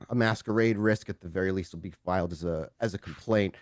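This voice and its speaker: A man voicing a weary, gruff male vampire hound who speaks low and terse. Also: fast talker, dry recording, clean studio sound, natural voice.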